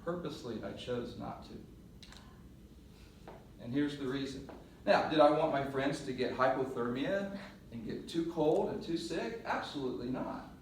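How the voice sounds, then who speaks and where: A middle-aged man coaching on presentation skills, telling a lively story to a class and acting out the voices. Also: medium pitch, moderate pace. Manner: animated storyteller, laughs and acts out voices. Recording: roomy echo, mic at a distance, faint noise.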